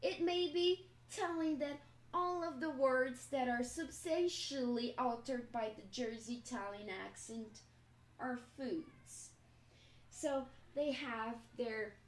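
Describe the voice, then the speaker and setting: Slow, echoey woman teaching English. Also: on the high side. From Brazil. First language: Portuguese. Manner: slow, explanatory, checks in with "okay?". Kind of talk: live-stream language lesson. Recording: echoey room, faint noise.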